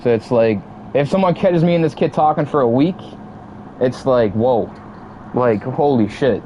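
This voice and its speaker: Young man venting on a livestream, heated, swears a lot, dark mellow voice, dull lo-fi mic, faint hum behind. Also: on the high side, expressive, normal speed. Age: 20s. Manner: heated, repetitive, profane. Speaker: livestream gamer. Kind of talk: casual venting to stream chat.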